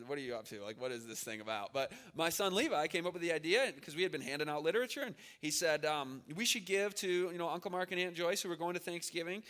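Bright-voiced man giving a chatty sermon. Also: a little high. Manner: conversational, repeats words, asks "right?". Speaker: speaker at a church family seminar. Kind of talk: informal sermon with stories.

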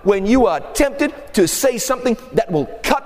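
A man's voice: extremely high pitch, lively intonation, normal speed, long reverb tail. A male pastor preaching a sermon in a conversational, emphatic way, acting out the people he quotes.

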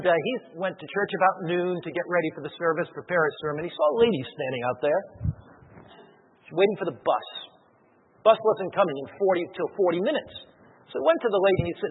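A man preaches a sermon story with a high, husky voice, climbing loud and then falling soft and low. The sound is thin and phone-like, as on an old radio broadcast, with long hall reverb trailing behind.

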